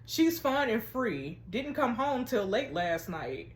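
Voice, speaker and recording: A woman voicing a young man, a smug and jealous best friend, in a lower, quieter, dismissive tone. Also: sing-song, takes it slowly. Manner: dismissive, mocking.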